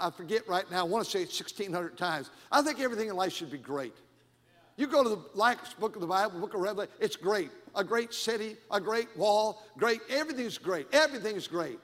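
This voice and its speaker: A middle-aged man preaching a sermon as pastor, animated and emphatic with frequent repetitions, in a church sanctuary. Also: high-pitched. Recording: long hall reverb.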